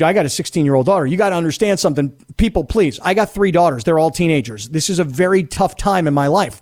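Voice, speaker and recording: A middle-aged man hosting sports talk radio, telling a story in an animated, indignant way. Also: fairly high pitch. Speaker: radio host.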